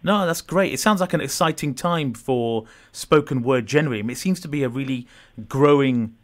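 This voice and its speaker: A man's voice: medium pitch, fairly quick. A man hosting a community radio show, introducing and interviewing a guest in a friendly way with frequent uhs and ums.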